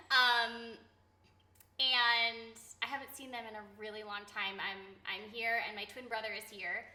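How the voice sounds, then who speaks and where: A woman's voice: on the high side, fairly even intonation, a little slow, bright, forceful tone, roomy sound. A woman and voice actor chatting on a casual game stream, giggling often and reading viewer comments aloud. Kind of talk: casual live-stream chat.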